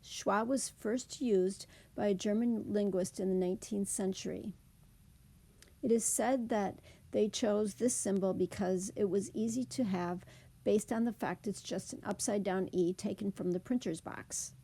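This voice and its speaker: A woman teaching a slide presentation lesson, explaining slowly and carefully. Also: medium pitch, gravelly, dark tone, slightly rough. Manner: slow, careful, deliberate explanation.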